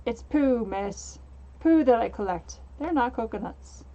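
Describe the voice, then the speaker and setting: Brief: proud, cheerful creature peddler, read by a woman, bright high tone, muffled recording. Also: lively intonation, a little slow. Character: cheerful creature merchant selling dung. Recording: dull lo-fi mic.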